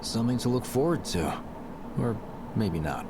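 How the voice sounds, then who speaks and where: A man's voice: mid-range voice, animated, moderate pace, a little mellow, a little hiss or hum, natural voice. An actor playing a shaken, wry male commuter in video game dialogue. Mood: uneasy.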